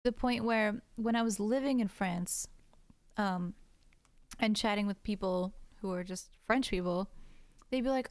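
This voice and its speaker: Sitting indoors at her computer, an American French teacher draws while talking casually to her livestream audience. She curses freely, fills her speech with "like," and laughs often, in an unhurried mid-range voice recorded cleanly without room sound.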